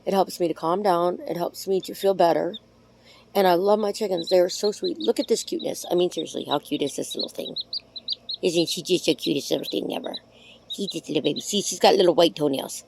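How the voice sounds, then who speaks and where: Chatty woman with a lowish voice. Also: a little fast, creaky, noisy background. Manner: chatty, rambling, affectionate; frank, swears casually. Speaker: vlogger. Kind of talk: casual talk to camera.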